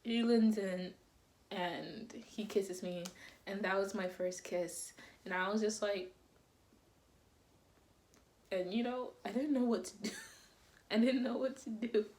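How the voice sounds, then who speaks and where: Young woman vlogger, slow unhurried delivery, giggly and animated, casual storytime. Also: medium pitch. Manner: giggly, breaks into laughter often; animated, dramatic retelling.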